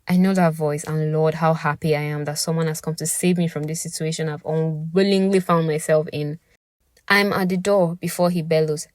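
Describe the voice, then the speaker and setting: Young woman, lowish voice, dry close sound, dramatic story narration. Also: little pitch movement, normal speed, darkish tone, dry recording. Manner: intimate, dramatic. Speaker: podcast narrator. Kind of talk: first-person scripted story narration.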